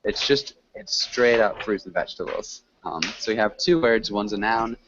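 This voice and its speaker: A man teaching an online English class, correcting students patiently and clearly. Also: fairly low pitch, moderate pace. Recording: muffled lo-fi call audio with faint hiss.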